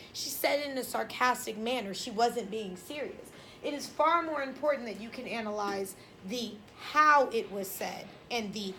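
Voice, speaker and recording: A woman teaching a high school English class, lecturing in a blunt, sassy, emphatic way. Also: unhurried, a bit bright, a little hiss or hum.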